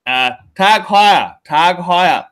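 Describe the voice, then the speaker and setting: A man's voice: high-pitched, animated, takes it slowly, a bit bright, clean tone, full character voice. A man doing a put-on Indian accent as a pushy male watch salesman, stammering and repeating himself in a sing-song way. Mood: hawking.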